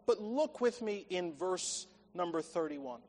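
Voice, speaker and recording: Earnest preacher guy, really high voice, long church-hall echo. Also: animated, measured pace, darkish tone. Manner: earnest, emphatic, quotes scripture. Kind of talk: sermon. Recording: long echoey hall reverb.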